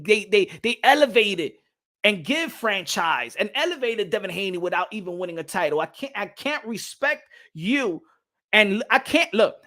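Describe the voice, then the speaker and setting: Animated laughing man hosting a livestream. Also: sits high. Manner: animated, repeats himself, laughs often, slips into Spanish. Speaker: boxing channel host. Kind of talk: casual livestream chat.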